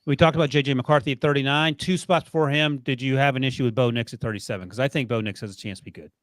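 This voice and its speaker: A male podcast host who rattles through his list at a brisk clip, ribbing his co-host as he goes. The sound is dry and close, with no room around it. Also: medium pitch, a bit bright, no room sound. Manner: quick, joking, teasing. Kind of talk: casual sports podcast chat.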